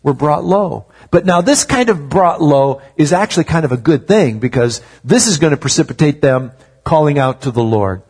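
Husky-voiced man preaching conversationally. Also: a little high, animated, normal speed, a little mellow. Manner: conversational preaching with rhetorical questions. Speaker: pastor. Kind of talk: sermon.

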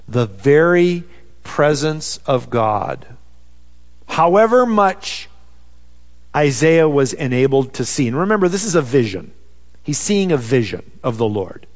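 A man's voice: on the high side, sing-song, a little slow. A man preaching a sermon in a conversational way, peppered with "you know.". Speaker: pastor. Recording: dull sound with long reverb.

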